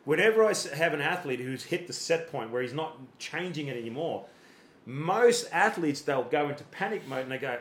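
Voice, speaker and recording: This coach's voice sits a little high and sounds a bit bright, moving fairly quickly with lively intonation. He explains things to athletes in a podcast conversation, acting out little quotes, using everyday analogies, and repeating words as he thinks, in an echoey room.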